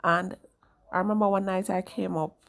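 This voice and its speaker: A woman's voice: medium pitch, fairly even intonation, normal speed, vocal fry. A young woman, telling a personal story in a candid, chatty way to her viewers. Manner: candid, chatty, often tags "right?". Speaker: vlogger.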